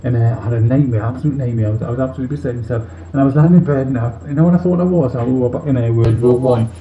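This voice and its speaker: A man's voice: medium pitch, very fast, mellow, lightly acted. A man playing a tipsy male robot leader in a comic monologue, earnest and rambling off on tangents with many fillers. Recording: muffled, roomy, faint hiss.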